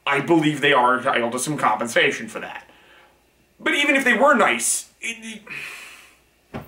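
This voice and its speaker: His voice sits fairly high, swings widely in pitch, and has a sharp edge, though the pace stays moderate. This channel host rambles candidly through a casual monologue, correcting himself often, in an echoey room.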